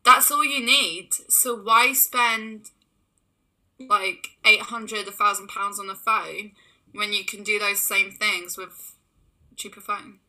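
A young woman chatting casually as a co-host, excitable and quick to laugh. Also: medium pitch. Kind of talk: casual chat.

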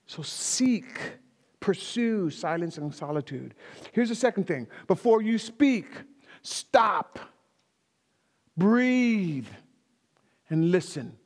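A man's voice: sits high, lively intonation, takes it slowly, pauses often, long reverb tail. A man preaching a sermon, speaking emphatically, repeating key phrases and talking directly to the congregation in a church. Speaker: pastor.

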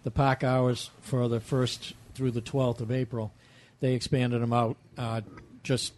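A man's voice: mid-range voice, flat delivery, measured pace, a little mellow, a little hiss or hum. Rambling, self-mocking man telling stories. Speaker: regular panelist. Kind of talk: casual chat.

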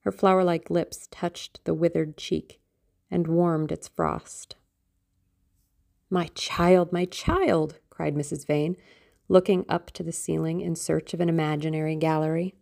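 A woman narrating a classic novel in a measured, expressive reading. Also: deep voice, creaky. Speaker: audiobook narrator.

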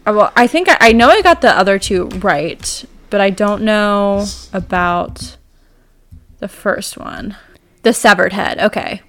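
A young woman co-hosting a podcast in loose, animated banter. She swears casually and laughs often, with a medium pitch. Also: unhurried. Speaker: podcast co-host. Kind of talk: casual chat.

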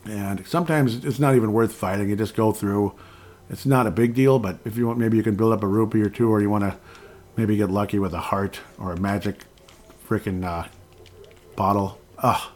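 A man's voice: lowish voice, fairly even intonation, normal speed, a little mellow. A man giving casual, rambling commentary over a video game, joking at his own expense as he plays. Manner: rambling and self-deprecating, with frequent laughs and asides. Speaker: gameplay commentator. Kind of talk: casual let's-play commentary.

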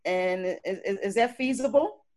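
A woman's voice: mid-range voice, normal speed, a little mellow. A woman hosting an online talk show in a casual, effusive way, with many fillers and restarts. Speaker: host.

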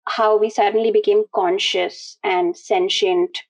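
A woman's voice: medium pitch, steady tone, unhurried, no echo, low-quality recording. A woman in casual conversation, curious and questioning, laughing easily. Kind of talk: casual philosophical chat.

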